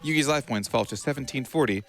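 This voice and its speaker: A man's voice: mid-range voice, fast, soft background music. Playful man reading game text. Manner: playful, laughs often. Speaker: speedrun commentator.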